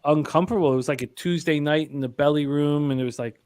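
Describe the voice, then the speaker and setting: A man's voice: a little high, quick pace, darkish tone, clean tone. A man hosting a live sports betting stream, telling a long rambling anecdote in casual chat with many fillers. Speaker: sports betting show host.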